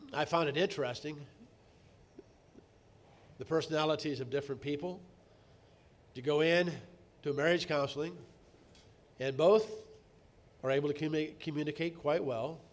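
A middle-aged male pastor preaching a sermon, telling stories and swinging from quiet asides to loud emphatic bursts. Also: on the high side.

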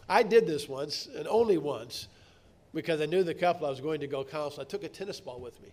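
A middle-aged male pastor preaching a sermon, telling stories and swinging from quiet asides to loud emphatic bursts. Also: on the high side, expressive, fairly quick.

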